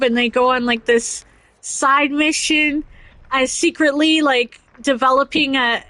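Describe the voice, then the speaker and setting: A woman's voice: high voice, flat delivery, measured pace, a bit bright, no room sound, rough recording. A woman hosting a casual chat show, reading news aloud and rambling off on tangents with giggles. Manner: rambling, giggly, talks over herself. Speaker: podcast host.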